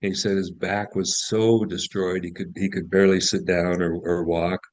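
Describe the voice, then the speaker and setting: A man's voice: sits low, little pitch movement, moderate pace, poor audio. A man in his sixties, a guest author, telling folksy stories with self-deprecating humor and frequent restarts. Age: 60s. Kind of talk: casual interview chat.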